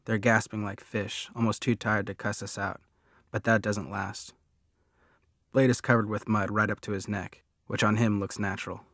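A man narrating a first-person audiobook in a steady, plain storytelling manner. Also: fairly low pitch, moderate pace, no echo, clean studio sound.

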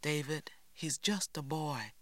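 A man voicing a sharp-tongued mother. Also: on the high side, takes it slowly, dry recording. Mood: worried. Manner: sharp, clipped scolding. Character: stern protective rural mother, worried.

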